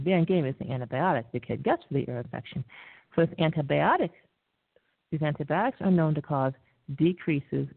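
A woman hosting a talk radio show, lecturing in a measured way with frequent pauses and fillers. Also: low-pitched, no echo. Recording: tinny dry phone-line audio.

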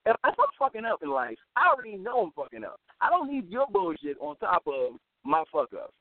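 A man with a high voice that swings all over the place argues emphatically on a casual radio talk show, swearing freely and cutting in again and again. His voice sounds dry and thin, like a phone line. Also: wildly swooping pitch, brisk, very noisy. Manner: emphatic, profane, cuts in often.

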